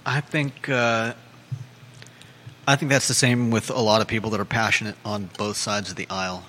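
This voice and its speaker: A man in a studio, speaking as a co-host in a hesitant, halting way with many fillers. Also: lowish voice, flat delivery, bright, forceful tone, slight background noise.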